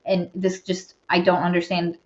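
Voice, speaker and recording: A woman's voice: fairly low pitch, completely flat delivery, moderate pace. A woman co-hosting a podcast, casually retelling a book's plot in a rambling way, full of fillers and asides. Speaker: podcast co-host. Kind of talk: casual book-review chat. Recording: roomy dull lo-fi recording.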